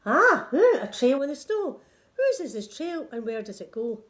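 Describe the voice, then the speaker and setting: A woman voicing a young female gruffalo who is curious and brave, in an excited storybook voice. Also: a little high, a little slow.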